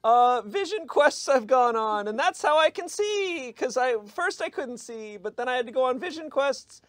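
A man's voice: extremely high pitch, lively intonation, normal speed, fairly bright tone, dry recording, clean studio sound, voice pushed up. A man playing a goofy, rambling job applicant who brags that he can see, in an improvised comedy game. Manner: goofy, rambling, talks over himself. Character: bragging man job applicant claiming vision. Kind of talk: improvised comedic role-play.

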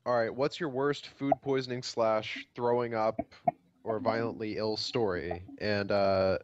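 A man's voice: on the low side, fairly even intonation, unhurried, dry recording, muffled recording. Laid-back young man on a call. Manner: laid-back, stumbling over words, swears casually. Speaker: podcast host. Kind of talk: casual chat over a voice call. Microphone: computer mic on a voice call.

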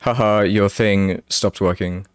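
Guy streaming games, slow lowish voice, rambly and apologetic, dry close mic. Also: steady tone, no echo. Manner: rambling, apologetic, chatty with viewers. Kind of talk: casual live-stream chat.

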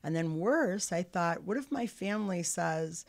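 A middle-aged woman, a podcast guest, telling her life story candidly, earnest and halting with frequent restarts. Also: fairly low pitch, animated.

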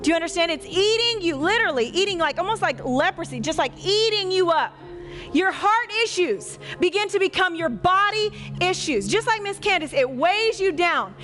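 Very high-voiced animated woman preaching to children. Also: moderate pace, soft background music. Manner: animated, asks the kids questions and acts out quotes. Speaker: children's pastor. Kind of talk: live children's sermon. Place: church hall.

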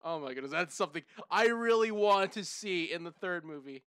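A young gaming channel host reacting to a movie trailer, hyper and loud, shouting and laughing. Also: mid-range voice, animated, fairly quick, smooth, no echo, studio quality. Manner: hyper, shouts and laughs, lots of "bro" and "oh my gosh".

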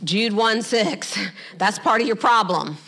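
Middle-aged woman pastor, bright and forceful tone, lively preaching with joking asides. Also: mid-range voice, slow. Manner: animated preaching with humorous asides; acts out quoted voices in passing. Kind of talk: sermon.

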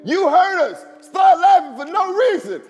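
A man putting on the voice of an over-excited morning radio show host, shouting his lines and cackling. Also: moderate pace, long reverb tail, muffled recording, soft background music. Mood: hyped, shouting. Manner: high, shouting hype delivery with forced laughter.

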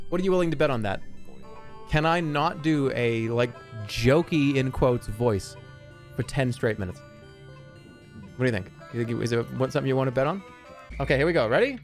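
A man's voice: medium pitch, brisk, long pauses, soft background music. A man in his thirties giving playful live-stream game commentary, swearing and laughing.

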